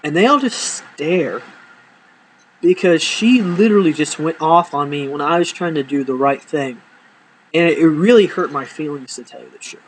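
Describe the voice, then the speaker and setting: A man casually telling profane, animated stories from his life to camera, acting out the people in them. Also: on the high side, normal speed, slight background noise, rough recording.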